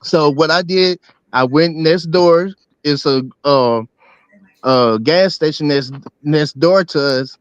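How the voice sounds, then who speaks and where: A man's voice: a little high, slow, smooth, no room sound. A man, casually telling a long story with loose, rambling talk full of fillers and restarts. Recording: dull, muffled, dry mic sound.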